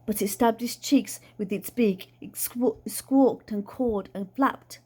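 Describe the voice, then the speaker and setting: A woman reading a children's book aloud in a plain, steady storytelling way. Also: on the high side, slow pace, breathy edge. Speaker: reader.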